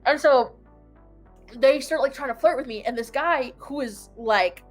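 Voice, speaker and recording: Young woman, high voice, rambly storytime chat, says like a lot, little bit of music in the back. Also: measured pace. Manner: rambling, filler-heavy "like", animated retelling. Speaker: host.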